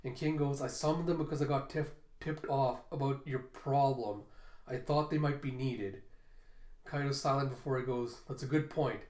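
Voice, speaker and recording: A man's voice: medium pitch, moderate pace, darkish tone. Echoey man reading manga aloud. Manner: reads dialogue aloud with light character inflections. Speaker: manga reaction reviewer. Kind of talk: casual reading and commentary.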